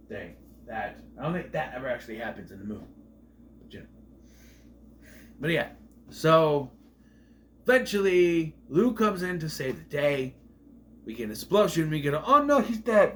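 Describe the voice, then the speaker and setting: A man's voice: mid-range voice, a bit bright, slight background noise. A man casually reviewing a movie on video, rambling off on tangents.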